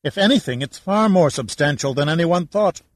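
A man's voice: on the high side, animated, moderate pace, no echo, pitched above the performer's own voice, natural voice. A man voicing a furious woman scholar. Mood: angry. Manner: sharp and indignant. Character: woman, fierce angry archaeologist.

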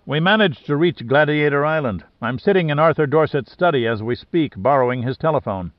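A man reading the part of a cool, offhand male adventurer who stays calm in danger. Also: a little high, fairly quick, dry recording, lightly acted. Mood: wry. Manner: laid-back, offhand. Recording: dry, slightly dull lo-fi sound.

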